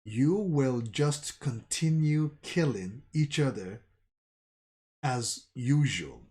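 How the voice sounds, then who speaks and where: Stern woman envoy, slow warning tone, read plainly by a man. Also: medium pitch, lively intonation, a little mellow. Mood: grave.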